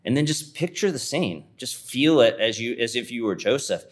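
A man's voice: medium pitch, animated, moderate pace. A man preaching a sermon, retelling a scripture story in a vivid, conversational way.

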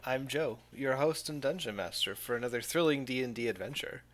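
Man, game host and dungeon master, middle pitch, casual, teasing banter. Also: a little fast, fairly bright tone. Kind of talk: casual tabletop game chat.

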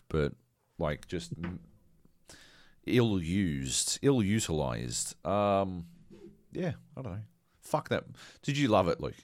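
A man co-hosting a podcast, ranting in a sweary, animated way during casual banter. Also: sits low, dry recording, studio quality. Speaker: podcast co-host.

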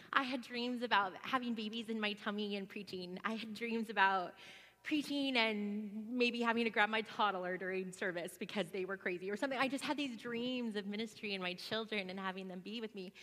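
A woman in her forties telling a personal testimony to a church gathering in a chatty, animated way, with many fillers. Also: medium pitch, big-room sound.

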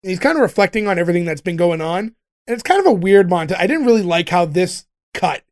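High-voiced man recapping with quick laughs. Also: animated. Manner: chatty, laughs often while retelling scenes. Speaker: podcast host recapping a TV episode. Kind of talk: casual chat.

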